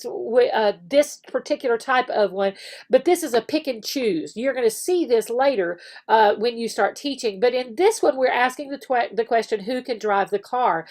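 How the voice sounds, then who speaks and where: A woman teacher casually explaining how an online classroom works, with frequent fillers and restarts. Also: fairly high pitch. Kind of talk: screen-share tutorial walkthrough.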